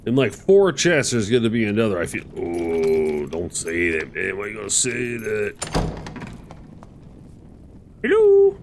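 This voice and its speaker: A man streaming a game, giving casual, excitable commentary with swearing and bursts of laughter. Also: lowish voice, normal speed, creaky, few pauses, a little hiss or hum.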